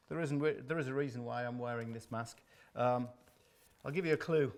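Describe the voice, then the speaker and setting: A man's voice: mid-range voice, moderate pace, a little mellow. Jokey male football show host. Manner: jokey, leading questions. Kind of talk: casual studio chat.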